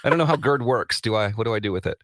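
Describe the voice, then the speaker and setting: A man co-hosting a podcast with a very animated, swooping voice. The sound is dry and close. He asks rambling, jokey questions. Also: lowish voice, rapid-fire, dry recording. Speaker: radio podcast co-host. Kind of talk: casual chat.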